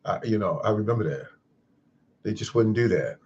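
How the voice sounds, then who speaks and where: A man's voice: lowish voice, expressive, moderate pace, a little mellow, dull audio. A man hosting a casual live stream, telling a reflective, moralizing story in a rambling way. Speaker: host of a live-stream gardening show.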